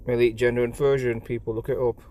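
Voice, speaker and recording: A man's voice: mid-range voice, flat delivery, fast, dark tone. A man with an English accent chatting casually on a live stream from his phone, stumbling over his words and repeating himself. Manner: stammering, repeats words, rambling and apologetic.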